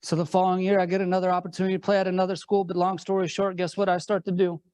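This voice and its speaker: A man's voice: high-pitched, monotone, racing, a little mellow, clean tone, no room sound. A man giving a motivational talk, telling his own story earnestly to a live audience and building it up with repeated rhetorical questions. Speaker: motivational speaker.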